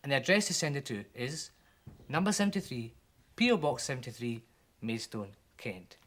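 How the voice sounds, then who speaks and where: A children's TV presenter reads a comic poem aloud for young viewers. The delivery is animated and theatrical, with big swings in pitch that rise into squeals and sink into hushed asides. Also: moderate pace. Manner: animated, with voices for the characters.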